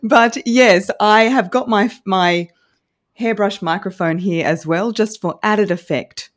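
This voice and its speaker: A woman's voice: mid-range voice, slow. A young woman, a voice and speaking coach, bubbly and confident as a podcast guest. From Australia. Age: young adult. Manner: bubbly and confident, laughs easily. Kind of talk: podcast interview.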